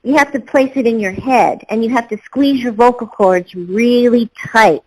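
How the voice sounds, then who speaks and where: Higher-voiced woman, chatty voice-actor guest. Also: normal speed, husky, rough recording. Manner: rambling, with many fillers and restarts. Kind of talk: interview answers.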